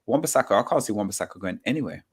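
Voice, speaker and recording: A man co-hosting a football chat talks in a low voice, hedging each point and thinking aloud as he goes. His delivery is loose and conversational. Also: lively intonation, very fast, husky. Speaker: podcast co-host. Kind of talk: casual football podcast chat.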